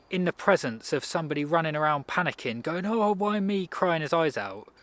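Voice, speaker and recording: A man's voice: on the high side, a bit bright. A man giving a casual self-improvement talk in a loose, rambling way, often restarting his sentences. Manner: rambling, conversational, frequent restarts.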